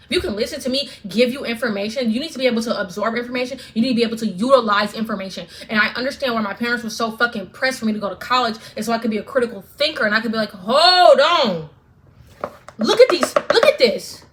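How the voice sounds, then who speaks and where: A woman's voice: a little high, fairly bright tone. A woman vlogger ranting straight to camera, fervent and profane, repeating lines for emphasis. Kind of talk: direct-to-camera rant.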